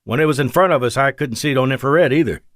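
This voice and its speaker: A man's voice: medium pitch, fast, fairly bright tone, no room sound, studio quality, voice pushed up, natural voice. A man voicing an experienced male fighter pilot with a Texan accent, who talks in a wry, teasing, reassuring way. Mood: steady.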